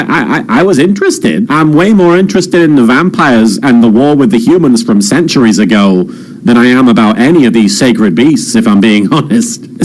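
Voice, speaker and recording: A man's voice: medium pitch, low-quality recording. Rambling man in casual commentary. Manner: rambling, many fillers and restarts. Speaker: channel host.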